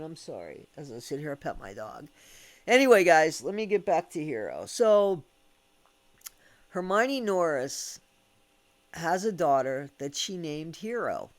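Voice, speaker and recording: An American man telling a candid, rambling story at home, swearing casually and laughing between thoughts. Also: a little high. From United States. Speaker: vlogger. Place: at home with his dog.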